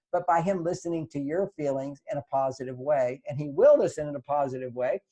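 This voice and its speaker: Earnest and a bit lecturing, an older male guest who writes about relationships gives advice and dramatizes the lines he quotes. His voice is mellow and sits high.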